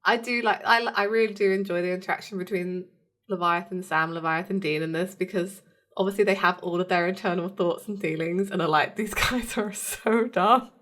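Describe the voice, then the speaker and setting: A woman's voice: fairly low pitch, steady tone, brisk, a bit bright. Chatty woman co-hosting a podcast. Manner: chatty, laughs often, acts out characters' lines. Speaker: podcast co-host. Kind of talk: casual chat recapping a TV episode.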